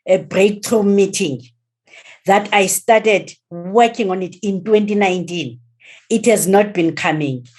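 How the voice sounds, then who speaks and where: A woman in a casual group video call who speaks haltingly and emotionally, repeating her words. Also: mid-range voice, a little mellow. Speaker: group member.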